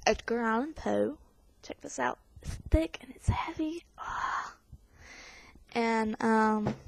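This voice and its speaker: A woman's voice: a little high, creaky, a little mellow, low-quality recording. A young adult woman vlogging, chatting in a rambling way with many fillers and reading a poem aloud. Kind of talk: casual vlog chat and poetry reading.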